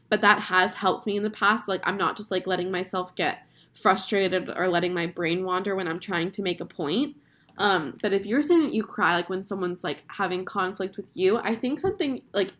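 A young woman in her twenties chats through advice in a relaxed, earnest way. Her talk is loose and full of fillers, and her pitch sits at an ordinary middle level for a woman. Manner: chatty, filler-heavy, earnest. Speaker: advice podcast host. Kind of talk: casual advice chat.

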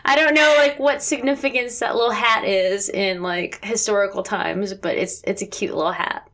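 A woman's voice: mid-range voice, normal speed, fairly bright tone. A woman with a Southern US accent, co-hosting a casual chat that recaps a TV drama, chatty and giggling often, her voice jumping up when amused. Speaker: podcast co-host.

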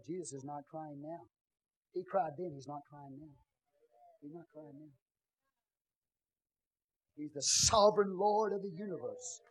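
A man preaching a sermon in a church, swinging from quiet teaching to loud shouted preaching. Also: fairly high pitch, low-quality recording. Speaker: pastor. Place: church sanctuary.

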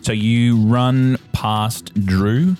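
A man narrating as the game master of a tabletop game, describing the action vividly and making quick rules calls. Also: medium pitch, fairly even intonation, darkish tone, faint music behind.

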